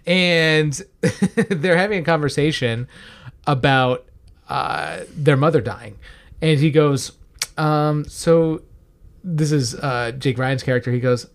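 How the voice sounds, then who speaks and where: A man's voice: on the high side, slow. A man co-hosting a movie review podcast, talking casually, rambling with lots of uh and um and casual swearing. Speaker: podcast co-host.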